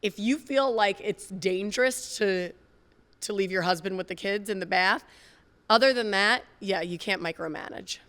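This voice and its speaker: A woman's voice: medium pitch, moderate pace, fairly bright tone. A woman co-hosting a TV advice segment, chatty and agreeable. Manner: chatty, agreeable, reads letters. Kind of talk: casual chat. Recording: long reverb.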